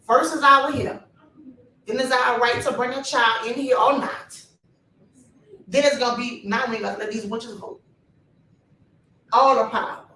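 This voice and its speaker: A woman's voice: on the high side, a bit bright, a little hiss or hum. Fiery woman speaker in echoey hall. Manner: fiery, preacher-like cadence, direct to audience. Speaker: panel speaker. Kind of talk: impassioned panel talk. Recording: echoey room from a distance.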